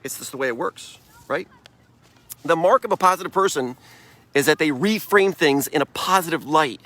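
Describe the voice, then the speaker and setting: A man's voice: a little high, normal speed, pushed and bright, dry recording. A middle-aged man giving a motivational talk, upbeat and emphatic, often laughing as he speaks.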